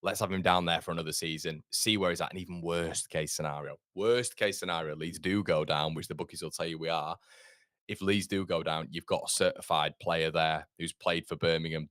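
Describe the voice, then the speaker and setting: A man's voice: low-pitched, fairly bright tone, no echo, studio quality. A man hosting a casual football live stream, rambling chattily and greeting viewers by name. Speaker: football channel host.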